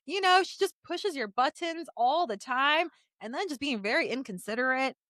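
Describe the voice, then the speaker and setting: A woman's voice: high voice, animated, normal speed, pushed and bright, no echo, clean studio sound. A woman co-hosting a podcast in casual chat, reacting with blunt, jokey asides and a lot of laughter. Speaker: podcast co-host.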